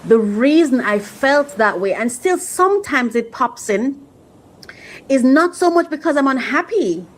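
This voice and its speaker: A woman's voice: high voice, expressive, unhurried, rough recording. Woman hosting a podcast, earnest and kinda emotional, repeats herself a lot, bit of hiss behind her. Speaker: podcast host. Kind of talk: reflective podcast talk.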